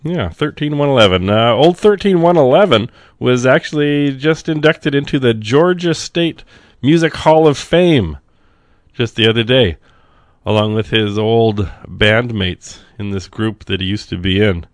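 A man's voice: mid-range voice, expressive, a little slow, dry recording. A male radio host, sick and coughing now and then, chatting casually and rambling with dry jokes between songs.

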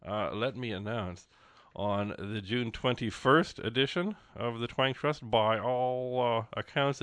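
Man, radio host, casual rambling patter, jokey, mid-pitched voice, dry close sound. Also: a bit bright, no room sound. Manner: rambling, jokey, many fillers and restarts. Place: radio studio.

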